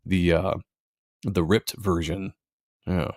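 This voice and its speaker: A man's voice: deep voice, lively intonation, a little slow, long pauses, darkish tone, no echo, clean studio sound. A man hosting a live stream, giving blunt, sarcastic commentary and reading viewer comments aloud. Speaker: live show host.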